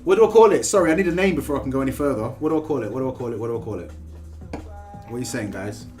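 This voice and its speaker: A man chatting casually and excitably on a live stream from his kitchen, swearing freely as he talks. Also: mid-range voice, racing, soft background music. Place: home kitchen.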